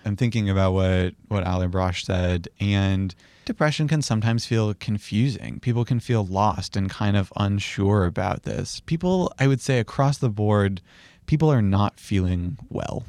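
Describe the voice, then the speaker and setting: A young man with a lower voice speaks in an easy, conversational teaching tone. He explains patient-interview tips calmly and acts out gentle example phrases as he goes. The recording is dry and close. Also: no echo. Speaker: psychiatry educator.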